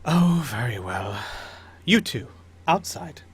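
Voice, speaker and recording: Guy doing a snooty baroness lady, low and hushed, slow and gossipy. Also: big pitch swings, husky, heavily acted. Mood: haughty. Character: haughty noble baroness, gossip-loving.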